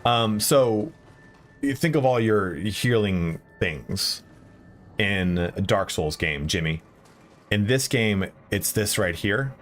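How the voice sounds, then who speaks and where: Speaking slowly in a lowish, fairly bright voice with lively intonation, a man streams a game and chats casually with viewers. When the game beats him, he swears; faint game music runs underneath.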